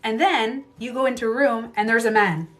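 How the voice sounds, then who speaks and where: A woman's voice: on the high side, moderate pace, fairly bright tone. Emphatic woman hosting a casual livestream. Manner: emphatic, repeats phrases, swears freely. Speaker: livestream host and beauty coach. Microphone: livestream camera mic.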